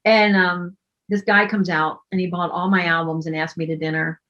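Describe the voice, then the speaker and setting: A woman's voice: fairly low pitch, level tone, moderate pace, a bit bright, muffled recording. A woman storyteller telling a personal story in a casual way, with wry, self-deprecating humor.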